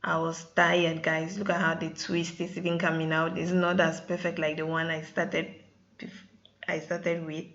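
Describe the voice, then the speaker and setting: A woman's voice: deep voice, flat delivery, moderate pace, a bit bright, dull audio. A woman with talking casually over her hair-care vlog, often addressing viewers as "guys". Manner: chatty, keeps saying "guys". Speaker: hair vlogger.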